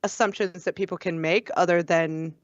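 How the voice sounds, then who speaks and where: A woman's voice: on the low side, steady tone, moderate pace, highs cut off. A woman co-hosting a live gaming podcast in casual chat, talking earnestly and with emphasis. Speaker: podcast co-host.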